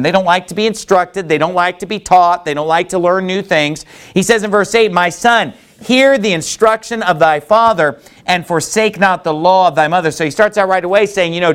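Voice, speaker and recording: A man preaching a sermon as pastor, animated and full of rhetorical questions, reading scripture in old-fashioned wording. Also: high-pitched, clean tone.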